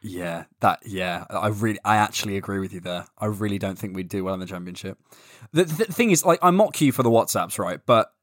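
A man co-hosting a casual football podcast, with a slightly low voice. He speaks in a wry, teasing, measured way. The recording is dry and close. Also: lively intonation, no echo. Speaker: podcast co-host.

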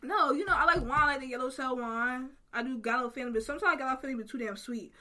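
A woman's voice: sits high, quick pace, pushed and bright. A young woman chatting as a guest on a casual podcast, laughing often and swearing freely in loose slang.

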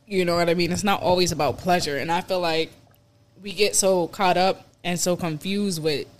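A man's voice: high-pitched, steady tone, normal speed. A man in casual podcast chat, talking earnestly and reflectively in slang.

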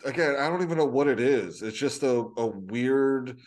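A man co-hosting a wrestling podcast, giving his take in halting, agreeable casual chat. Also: medium pitch, lively intonation, a little mellow. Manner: halting, agreeable, many restarts. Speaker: podcast co-host.

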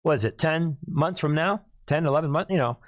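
A hoarse man hosting a political commentary monologue, emphatic, repeatedly clearing his throat and calling out to listeners as "people". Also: on the high side, moderate pace, no room sound. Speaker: host.

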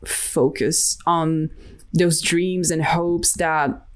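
Young woman artist chatting in an interview, lowish voice, candid, lots of um and like. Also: steady tone, extremely slow, clean tone. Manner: candid, reflective, frequent fillers and restarts. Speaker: interview guest, digital artist. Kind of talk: casual interview conversation.

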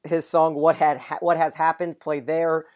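Reading out listener mail, a mid-range-voiced podcast host also runs through a TV episode recap in a quick, steady flow.

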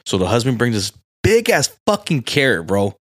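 A man's voice: medium pitch, very animated, moderate pace, no echo, clean studio sound. A man co-hosting a podcast in casual, crude chat, telling a story full of slang and calling people "dog" and "bro.". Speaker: podcast co-host.

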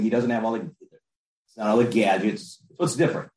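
A man's voice: fairly low pitch, steady tone, normal speed, darkish tone. A man co-hosting a casual podcast chat, laid-back and rambling. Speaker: podcast co-host. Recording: roomy echo.

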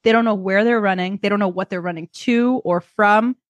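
A woman in her thirties, co-hosting a podcast and telling a lively story in a casual chat. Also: medium pitch, brisk, no room sound. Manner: animated storyteller, acts out kids and herself. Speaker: podcast co-host.

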